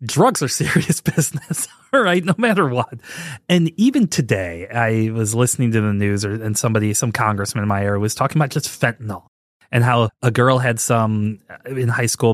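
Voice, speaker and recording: A man's voice: medium pitch, dry recording, studio quality. Rambling, joking male podcast host. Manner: rambling, joking, animated emphasis. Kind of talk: casual chat.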